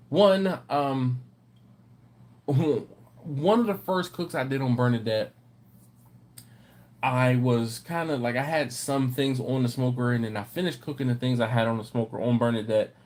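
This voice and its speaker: A man hosting a barbecue livestream, chatting casually and reading viewer comments aloud, with a rambling, animated storytelling manner. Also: medium pitch. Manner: rambling storyteller, animated when telling anecdotes.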